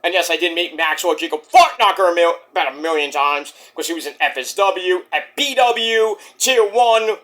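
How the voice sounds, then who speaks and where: A man reviewing a wrestling show in a casual vlog, excitable and profane, with sudden yelled exclamations. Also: high-pitched, moderate pace, hardly any pauses.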